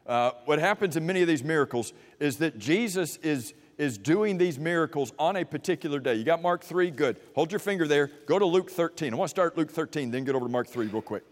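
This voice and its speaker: A man preaching a sermon in an animated, dramatic way, his fairly high voice climbing to emphatic peaks and then sinking into quiet asides. A long hall reverb trails behind him, as in a church sanctuary. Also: brisk, hardly any pauses.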